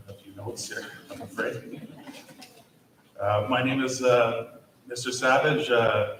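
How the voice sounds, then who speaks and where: Brief: man in his fifties, teacher, halting memorial speech, very echoey room, off-mic. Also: medium pitch. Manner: halting, many fillers, gently humorous. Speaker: teacher giving memorial remarks. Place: large echoey school room at a podium. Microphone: distant podium mic. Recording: echoey room, distant mic, faint noise.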